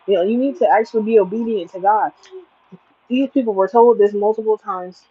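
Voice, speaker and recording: A woman's voice: mid-range voice, normal speed, breathy edge, no room sound, highs cut off. Emphatic woman giving a spiritual reading. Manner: emphatic, preachy, plain-spoken. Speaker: tarot reader.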